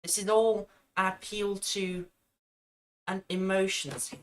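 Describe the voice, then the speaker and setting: A woman's voice: mid-range voice, level tone, takes it slowly, a little hiss or hum, low-quality recording. A woman giving reaction commentary on a video, arguing back at the screen in an exasperated, argumentative way.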